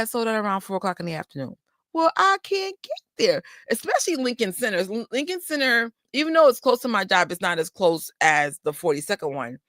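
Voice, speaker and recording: A woman's voice: medium pitch, fairly bright tone, dry recording, studio quality. A woman vlogger from New York chatting casually to her viewers, telling rambling stories full of fillers and asides. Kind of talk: casual livestream chat. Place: indoors under a bright light.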